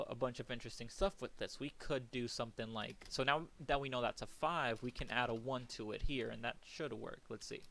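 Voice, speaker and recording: A young man giving a recorded coding lecture, casual and talky, thinking aloud and counting out loud as he works. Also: mid-range voice. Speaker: programming instructor.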